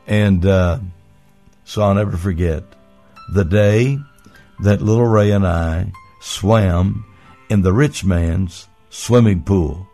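A man's voice: low-pitched, takes it slowly, dark tone, faint music behind. A man preaching, telling a childhood story in a folksy way, piling up long strings of synonyms. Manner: folksy, piles up synonyms, chuckles while telling. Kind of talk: storytelling sermon.

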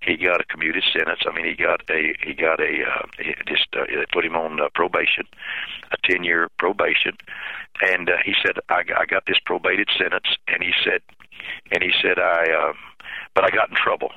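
A man speaks in a very low, gravelly voice, halting and repeating himself as he tells a heartfelt story. His voice comes through a dry, tinny phone line. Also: flat delivery, no echo. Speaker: pastor. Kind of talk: telling a personal story in an interview.

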